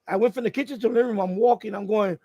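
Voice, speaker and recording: High-pitched, gravelly man chatting on a stream. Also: steady tone, very fast, muffled recording, slight background noise. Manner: rambling storytelling with many restarts. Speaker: radio hobby channel host. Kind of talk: casual live stream chat. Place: at home, indoors.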